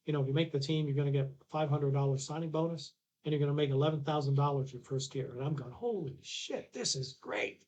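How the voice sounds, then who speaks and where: A man's voice: on the high side, flat delivery, quick pace, few pauses, mellow. A man, a podcast guest telling a long anecdote with restarts and acted-out dialogue. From Canada. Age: 60s. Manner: rambling anecdotes with restarts, acts out quoted dialogue. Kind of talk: casual storytelling.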